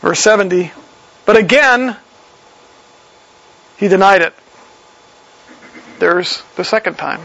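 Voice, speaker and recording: A man's voice: sits high, takes it slowly, gravelly, pauses often, a bit bright. A man preaching a sermon in a conversational way, reading verses aloud and explaining them. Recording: slightly dull lo-fi recording.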